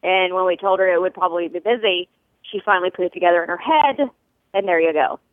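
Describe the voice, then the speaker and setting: A woman's voice: lowish voice, quick pace, dry recording. A woman leaving a chatty voicemail and telling stories, acting out other people's voices as she goes. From Nashville, United States. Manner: chatty storyteller who acts out voices. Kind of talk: voicemail message. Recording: tinny dry phone line.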